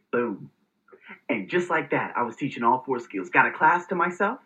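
A man's voice: mid-range voice, unhurried. Guy doing a hype motivational vlog, voice bouncing all over, swears a bit, kinda dull lo-fi audio. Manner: energetic, emphatic, salty language. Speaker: host.

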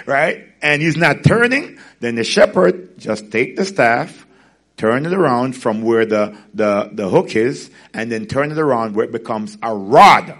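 A man, a pastor, preaching a sermon with animated storytelling and frequent laughter. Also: medium pitch, a little slow.

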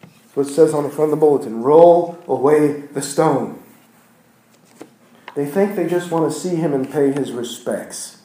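A man preaching in a roomy, echoing church, his voice pitched a little high but dark and mellow in tone. He swings from loud, emphatic peaks down to near-hushed lines, piling up repeated phrases as he builds each point. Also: brisk. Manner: repetitive, building phrases with restarts. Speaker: pastor. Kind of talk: sermon. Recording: echoey room.

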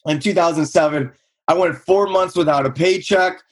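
A man in his thirties from Southern California, telling his own story in a casual interview and acting out quotes with a raised voice. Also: moderate pace. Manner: energetic storyteller, acts out quotes in higher voice. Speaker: guest, real estate investor.

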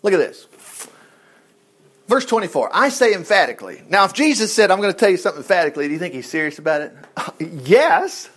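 A high-pitched male preacher gives a Bible teaching sermon, moving through scripture in a lively, conversational style at a slightly fast pace. While hunting for verses he wanders into chatty asides, then bursts out exclaiming "praise the Lord."

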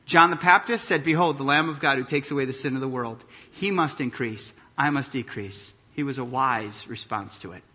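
A man preaching a sermon, reading scripture aloud and explaining it with animated emphasis. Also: medium pitch, normal speed, hardly any pauses. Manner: animated preaching, reads scripture aloud, drops to quiet intensity. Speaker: pastor.

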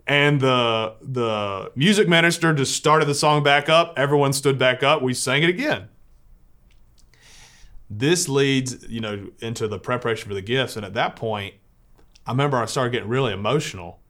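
A man's voice: medium pitch, moderate pace, a bit bright. A Catholic priest telling a personal story to listeners in an earnest way, often restarting as he searches for words.

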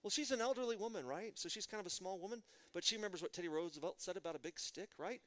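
Brief: middle-aged man, pastor's sermon, quick delivery, slightly higher voice, storytelling with rhetorical questions. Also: a bit bright. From Midland, Texas.

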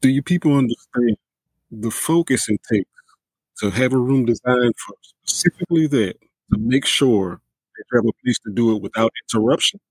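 A man hosts a podcast interview in a husky voice, recorded dry and close. He muses reflectively and turns to address his listeners directly. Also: mid-range voice, moderate pace, a little mellow, no echo, low-quality recording. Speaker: podcast host. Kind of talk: interview hosting.

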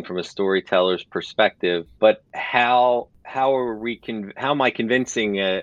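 A man's voice: deep voice, fairly bright tone, dry recording. A man hosting an interview, asking questions in a hesitant way, thinking aloud as he goes. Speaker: podcast host. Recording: dull, dry lo-fi mic.

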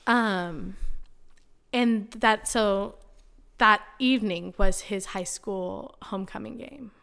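A woman's voice: mid-range voice, slow, vocal fry, a bit bright, smooth. A young woman, a podcast guest, telling a personal story in a chatty way, full of "like" and acted-out quotes, and speaking earnestly about her faith. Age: young adult.

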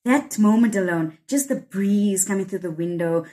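A South African woman in her thirties, a poet, talks earnestly and reflectively about her poem in a candid conversational interview, often restarting her sentences. The low-quality recording captures a mid-range voice with a dark tone at a moderate pace.

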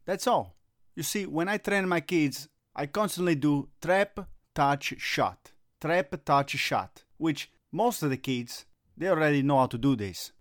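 A man's voice: on the high side, lively intonation, a little slow, no echo, studio quality. A middle-aged man playing a youth soccer coach in a comedy sketch, given to gloomy melodramatic rants that flare into agitated Italian curses.

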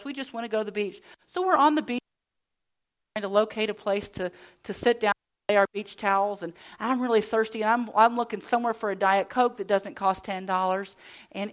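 A woman's voice: mid-range voice, a bit bright. A middle-aged woman preaching a sermon as a pastor's wife, earnest, with storytelling and conversational asides.

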